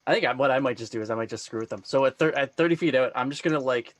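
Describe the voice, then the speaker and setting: A man playing a tabletop game, laid-back and often trailing into a low mutter. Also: very fast. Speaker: player.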